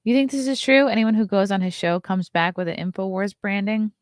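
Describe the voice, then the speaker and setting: With a brisk, medium-pitched voice in a dry, studio-quality recording, a woman in her thirties hosts a laid-back morning talk stream. She reads news, reacts to chat with frank opinions, and often yawns.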